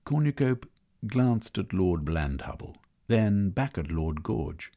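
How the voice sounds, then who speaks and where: A man reading a story aloud as narrator, in measured storytelling. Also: deep voice, sing-song, dark tone. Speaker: audiobook narrator. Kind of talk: scripted narration.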